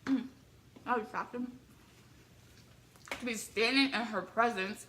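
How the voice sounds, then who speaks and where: A young woman from the Midwest telling an excitable, rambling story with many filler words while eating on camera. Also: on the high side, a little slow, a little hiss or hum. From American Midwest. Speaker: vlogger.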